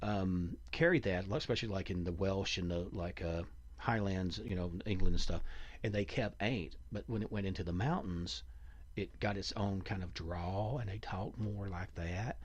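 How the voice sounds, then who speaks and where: A man with a Kentucky accent, hosting a podcast in rambling, animated casual chat. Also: low-pitched, normal speed, highs cut off. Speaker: podcast host.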